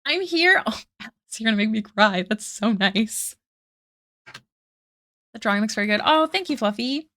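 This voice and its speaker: A young woman chatting casually with her viewers while she draws, bubbly and talkative, reading chat aloud and thinking out loud. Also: on the high side, lively intonation, moderate pace, long pauses. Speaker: art streamer. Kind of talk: casual live-stream chat while drawing.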